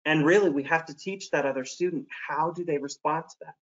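A man's voice: fairly high pitch, fairly quick, a bit bright, lo-fi sound. A man who is a teacher presents classroom strategies in a friendly, practical way and demonstrates examples by acting them out.

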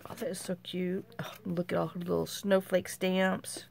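A middle-aged woman with a low, gravelly voice chats through a pile of handmade craft mail. She exclaims over each little piece and mutters to herself as she goes, sometimes dropping to a near whisper. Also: little pitch movement, moderate pace, a little mellow. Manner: chatty, talks to herself while handling items, exclaims often. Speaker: craft channel host. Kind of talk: casual show-and-tell of craft mail.

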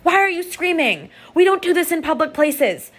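A woman acting out a stern parent who shames a crying child in a sharp, hurried, scolding way. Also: very high-pitched, very animated, pitched above the performer's own voice, full character voice.

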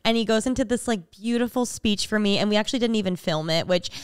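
A young woman co-hosts a podcast, telling a story in a relaxed chat and acting out every quote. Her voice is very smooth and clean. The close microphone sounds dry. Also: mid-range voice, quick pace, no room sound. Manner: animated storyteller, acts out quotes. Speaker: podcast co-host.

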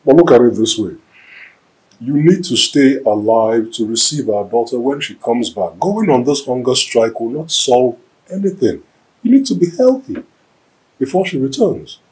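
A man's voice: medium pitch, big pitch swings, normal speed, darkish tone, breathy edge. An actor playing a husband who comforts his grieving wife, speaking in a soothing, pleading and reassuring way. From Nigeria. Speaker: actor in a film. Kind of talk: film drama acting.

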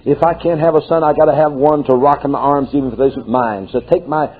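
A man's voice: fairly high pitch, fairly even intonation, quick pace, breathy edge. Rachel, a man doing a pleading jealous wife. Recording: tinny lo-fi tape.

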